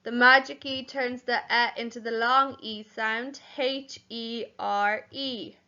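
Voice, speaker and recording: Slow, bright-voiced woman teacher. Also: fairly high pitch, fairly even intonation, dull audio. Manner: slow, spells words letter by letter. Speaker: primary school teacher. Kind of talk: home learning lesson.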